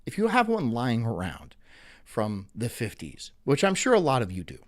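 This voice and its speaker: Animated, profane ranting man. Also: medium pitch, moderate pace. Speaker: livestream host. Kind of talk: ranting commentary on news clips.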